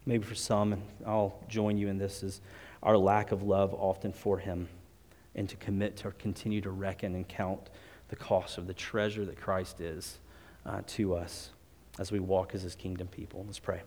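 A man's voice: low-pitched, little pitch movement, moderate pace, a little mellow. A man preaching a sermon at a church service and closing in prayer. He talks in an earnest, conversational way, often restarting his sentences. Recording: long reverb of a large hall.

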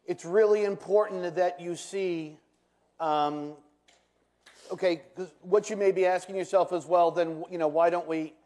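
Hesitant man with a high, flat voice. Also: measured pace. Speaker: co-leader taking questions.

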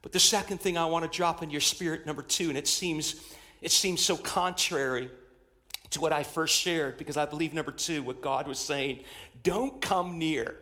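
A man's voice: on the high side, fairly even intonation, normal speed, pushed and bright. A man preaching a sermon to his church in an emphatic style, repeating phrases as he builds intensity. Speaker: pastor.

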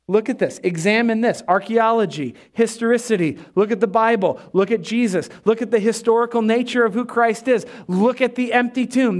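A male pastor preaching a sermon in an animated, emphatic way, repeating his key phrases. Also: high-pitched.

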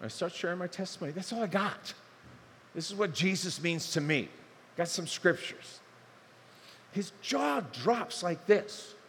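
Older pastor in a reverberant hall. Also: male voice, high voice, measured pace, a little hiss or hum. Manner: animated, conversational, acts out dialogue with humor. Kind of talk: sermon storytelling. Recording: long hall reverb, faint ambience.

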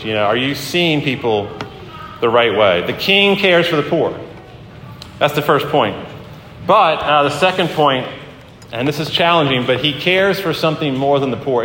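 A man preaches a sermon in a fairly high voice, talking earnestly and conversationally and often restarting his sentences. His voice rings out through a large hall with a long echo. A faint hum of the room sits behind him. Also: fairly bright tone. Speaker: pastor. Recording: echoey hall with faint ambience.

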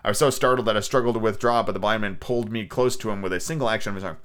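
A man's voice: on the low side, steady tone, rapid-fire, a bit bright. A man casually reading a classic adventure story aloud as host, with irreverent asides and frequent stumbles and rereads. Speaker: audiobook narrator and podcast host.

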